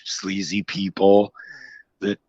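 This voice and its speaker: A middle-aged man, an author, telling his story frankly in an interview, halting and reflective with many restarts. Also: sits low, completely flat delivery, mellow, dry recording. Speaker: author guest. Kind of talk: candid interview conversation. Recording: slightly dull lo-fi audio.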